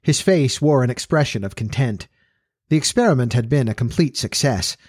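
A man narrating an old-fashioned story in a steady, even storytelling manner. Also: medium pitch, normal speed, husky, dry recording, clean studio sound. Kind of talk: audiobook narration.

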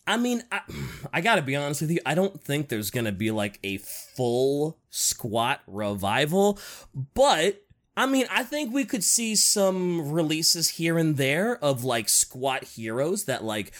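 A man hosting a casual, rambling chat, animated and giggly, with frequent swearing. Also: fairly high pitch.

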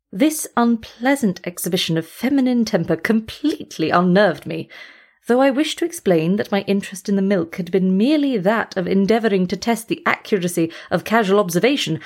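Brief: woman reader, mid pitch, measured formal storybook narration. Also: darkish tone. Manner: measured, formal first-person reading. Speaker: audiobook reader.

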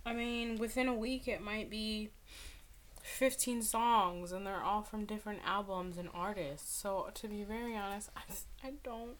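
Laid-back woman with a bright voice. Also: medium pitch, fairly even intonation, moderate pace, a little hiss or hum. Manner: laid-back, rambling, apologetic. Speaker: guest. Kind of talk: casual chat.

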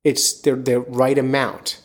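A male podcast host from the Philadelphia area. He talks in a casual, joking way at an ordinary middle pitch. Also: monotone, slow pace. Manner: chatty, joking.

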